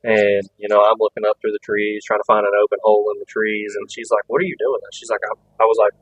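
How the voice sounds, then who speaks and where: A man's voice: on the low side, little pitch movement, quick pace, no room sound, dull audio. A man co-hosting a hunting podcast, telling a long story in a casual, rambling way with restarts and laughs. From Missouri. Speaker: podcast co-host.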